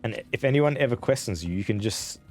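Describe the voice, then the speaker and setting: A man's voice: medium pitch, expressive, a little fast, darkish tone, soft background music. An Australian man chatting casually on a game stream, rambling, chuckling often and swearing offhandedly. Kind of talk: casual live-stream chat.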